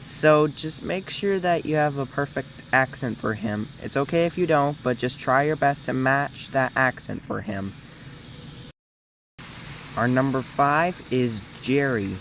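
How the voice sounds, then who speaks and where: A man's voice: mid-range voice, a little slow, fairly bright tone, a little hiss or hum, poor audio. A young man hosting a casting call, talking casually in a rambling, hesitant way with many restarts. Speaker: video host running a casting call.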